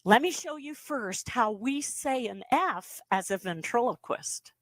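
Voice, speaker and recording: A woman leads a beginners' ventriloquism lesson in a slightly high voice, coaching patiently and demonstrating each sound. She takes her time over every point, and the recording is dry and close with no room sound. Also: lively intonation, measured pace, no room sound. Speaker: ventriloquism instructor. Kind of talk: beginner workshop instruction.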